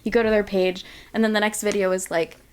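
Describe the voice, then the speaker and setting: A woman's voice: medium pitch, little pitch movement, quick pace, clean tone. A woman chatting casually on a podcast, often laughing and putting on mocking voices. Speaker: podcast guest.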